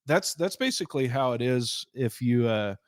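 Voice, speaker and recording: A man's voice: medium pitch, expressive, dry recording. Easygoing man co-hosting. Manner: easygoing, quick agreeing replies. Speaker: podcast co-host. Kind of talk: casual chat.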